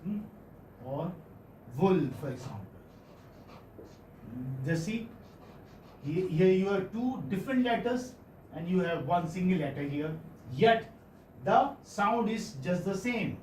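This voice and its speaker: Speaking slowly and pausing often, a middle-aged man with an Indian English accent teaches phonetics to a classroom in a high-pitched, expressive, darkish voice. His manner is repetitive and coaxing, and he checks with students often. The audio has room echo, a distant mic, and faint noise.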